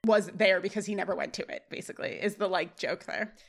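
Fast-talking woman recapping an episode. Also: medium pitch, creaky. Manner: brisk storytelling with quick laughs. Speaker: podcast co-host.

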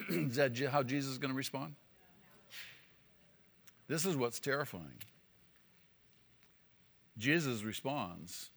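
A man's voice: medium pitch, fairly bright tone. A male pastor preaching an emphatic sermon, repeating key phrases for weight. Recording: long hall reverb.

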